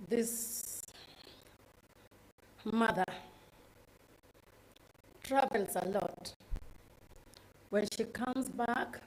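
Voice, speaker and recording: A woman with a Kenyan accent giving a halting, emotional public speech. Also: a little high, low-quality recording. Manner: slow, halting, collecting herself. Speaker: guest of honour giving a speech.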